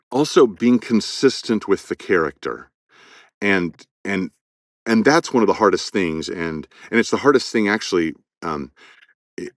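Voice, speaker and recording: A man with a very low voice speaks as a guest in an interview about his work narrating audiobooks. He is thoughtful and often restarts with repeated words as he builds toward a point. The sound is close and dry, with almost no room echo. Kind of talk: conversational interview.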